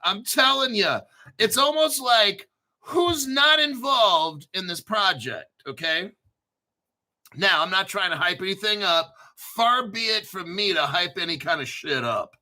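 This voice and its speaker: A man's voice: high-pitched, lively intonation, a little slow, pushed and bright. A man hosting his own crypto channel, talking in a profane, hyped and rambling casual rant with sudden bursts of emphasis.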